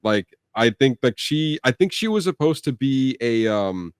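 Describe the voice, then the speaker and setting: A young podcast co-host discusses films in a casual ramble, leaning on "like," fillers and restarts. His mid-range voice is smooth and sing-song, and his pace is unhurried. Studio quality, no echo.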